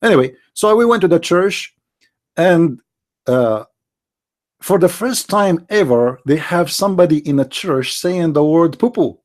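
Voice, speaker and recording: Man, live call-in host, blunt, mocking, broken grammar, high voice. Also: lively intonation, unhurried, darkish tone. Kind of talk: unscripted live talk.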